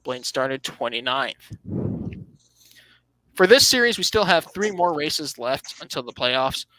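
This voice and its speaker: A man with a bright, forceful, slightly high voice hosts a casual racing podcast. He reads off standings and gives his opinions with a dry, sarcastic edge, often restarting his phrases. The sound is dry and close. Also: expressive, slow, dry recording, low-quality recording. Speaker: podcast host. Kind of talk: casual motorsport podcast talk.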